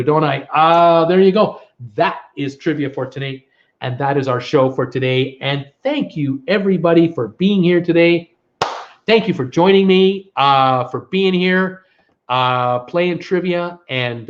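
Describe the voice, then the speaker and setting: A man's voice: on the high side, muffled recording. A man hosting a live stream, rambling casually through his thank-yous and goodbyes, his voice tiring. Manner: chatty, rambling, full of uh fillers and thank-yous.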